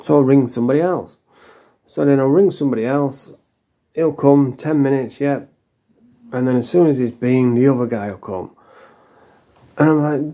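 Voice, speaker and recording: A man's voice: mid-range voice, normal speed, pauses often, mellow. A man telling a personal story to camera in a blunt, sweary, frank way. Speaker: vlogger. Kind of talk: casual storytelling monologue.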